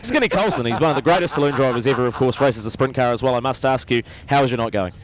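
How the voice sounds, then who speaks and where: Brief: jokey New man doing pit interviews, mid-pitch voice, crowd all around. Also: very fast. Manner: jokey, matey, laughs easily. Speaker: pit reporter. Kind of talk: trackside interview. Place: outdoor speedway pits. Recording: crowd noise at speedway pits.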